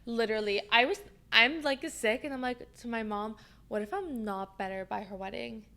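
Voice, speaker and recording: A young woman with a fairly high voice, co-hosting a podcast. She sounds laid-back and drops dry, joking asides. It is a casual chat between friends. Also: moderate pace, pushed and bright. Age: young adult. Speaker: podcast co-host.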